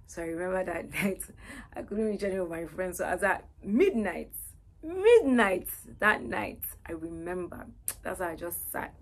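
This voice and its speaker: A woman's voice: on the low side, expressive, moderate pace. A woman sharing a personal faith testimony in an earnest, repetitive way. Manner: earnest, repeats herself with many "you know"s.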